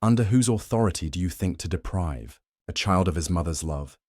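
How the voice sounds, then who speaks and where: A man doing a shrill, sneering pack woman. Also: animated, brisk, darkish tone, no echo, studio quality. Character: spiteful shrieking pack woman.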